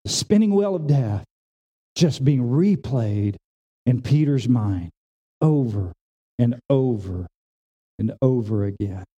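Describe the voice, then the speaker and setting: A man preaching a sermon at a church service. He talks plainly with everyday examples and swings between raised, emphatic lines and low, hushed ones. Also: animated, slow pace, pauses often, lo-fi sound. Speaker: pastor.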